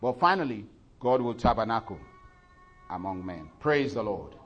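Man preaching, swelling loud on scripture. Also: expressive, normal speed, dull audio. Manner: rises loud and high reading scripture, drops soft in asides; frequent fillers and self-corrections. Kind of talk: sermon.

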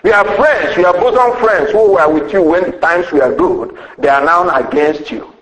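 A man's voice: high voice, a little slow, fairly bright tone, reverberant, slight background noise, poor audio. A man preaching a sermon with emphasis, rhetorical questions and a repeated refrain.

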